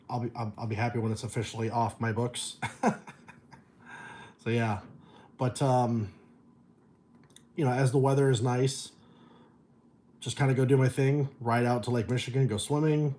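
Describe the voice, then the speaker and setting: A man's voice: mid-range voice, a little mellow, slight background noise. A middle-aged man chatting casually on a livestream, telling stories and reading viewer messages, loose and profane, chuckling often. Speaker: vlogger reading viewer chat.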